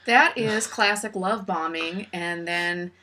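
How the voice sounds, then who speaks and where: A woman co-hosting a casual podcast, recapping a movie and slipping into quick impressions of its characters. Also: lowish voice. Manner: animated, quick to mimic characters. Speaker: podcast co-host.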